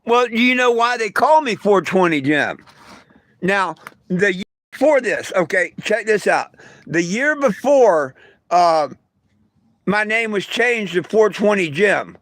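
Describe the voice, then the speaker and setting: High, bright-voiced older man ranting. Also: animated, unhurried, no room sound. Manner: combative, crude, answers commenters bluntly; folksy storyteller with homespun grammar. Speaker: vlogger. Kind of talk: casual rant to camera.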